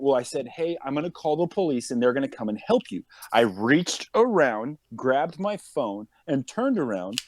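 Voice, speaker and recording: A police officer appearing as a podcast guest tells a story in casual chat, animatedly acting out the people in it and voicing their quotes. His voice is medium-pitched, with no echo.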